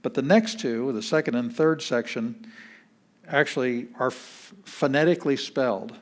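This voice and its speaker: A man's voice: medium pitch, normal speed. A man, a pastor, teaching a beginner language class in a patient, plain-spoken way, walking through each step. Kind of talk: classroom lesson.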